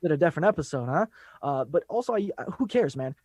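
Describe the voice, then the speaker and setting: A man guesting on a podcast, talking fast and laid-back in casual chat, laughing often. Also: fairly high pitch, expressive, darkish tone, no room sound.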